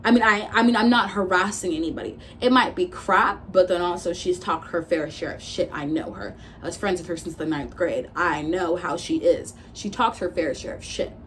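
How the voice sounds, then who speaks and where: A woman's voice: fairly low pitch, normal speed, few pauses, a bit bright, a little hiss or hum. A woman in her twenties telling a storytime vlog, blunt and profane, retelling arguments with quoted back-and-forth. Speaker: vlogger. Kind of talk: casual storytime rant.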